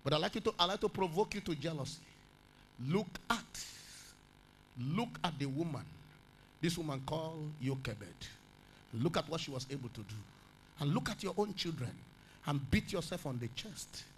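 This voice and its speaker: High, gravelly, dramatic male preacher. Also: animated, normal speed, long pauses, a little hiss or hum, rough recording. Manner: dramatic preaching, swinging from shouted peaks to quiet storytelling. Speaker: pastor. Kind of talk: sermon.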